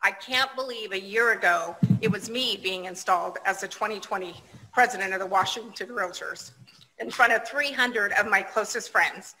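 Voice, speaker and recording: A woman's voice: medium pitch, normal speed, pushed and bright, low-quality recording. A woman, the outgoing association president, giving a personable, lightly self-deprecating speech over a video call.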